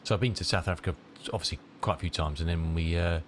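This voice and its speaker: A man's voice: deep voice, fairly even intonation, fast, slight background noise. A middle-aged man with a southern English accent, chatting casually on a live stream while congested from a cold, rambling as he answers viewers. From southern England. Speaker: flight-sim streamer.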